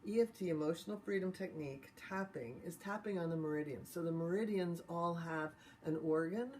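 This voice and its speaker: A woman as a tapping instructor, calmly leading listeners step by step through a guided tapping exercise. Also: lowish voice, fairly quick, slight background noise. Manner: calm step-by-step guidance.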